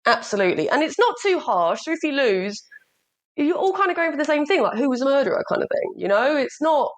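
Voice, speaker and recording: A woman co-hosting a casual podcast chat, chatty and quick to laugh and swear. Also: high-pitched, sing-song. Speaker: podcast co-host.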